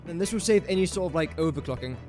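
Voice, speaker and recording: English streamer thinking aloud over music. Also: male voice, on the high side, fast, darkish tone. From England. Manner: thinks aloud, jokey asides to chat. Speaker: gaming streamer. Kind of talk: casual live-stream commentary.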